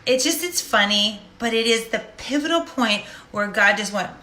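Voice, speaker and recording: A woman's voice: a little high, animated, moderate pace, bright, forceful tone. A woman, a life coach, speaking directly and animatedly in a casual faith-based monologue. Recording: roomy echo.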